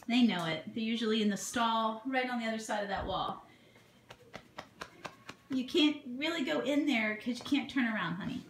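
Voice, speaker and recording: A woman's voice: fairly high pitch, big pitch swings, normal speed. A woman filming her horse in her office, chatting to it in a doting, baby-talk manner. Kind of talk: casual vlog talking to a horse. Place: indoor office beside a stable. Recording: echoey room with faint background noise.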